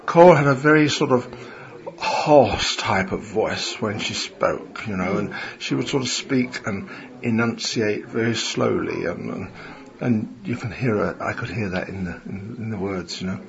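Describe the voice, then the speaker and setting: A man's voice: fairly low pitch, a little slow, gravelly. An older man, a medium reflecting in an interview, chatty and rambling with many fillers. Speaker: spiritualist medium interviewed after a seance. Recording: dull recording with a crowd behind.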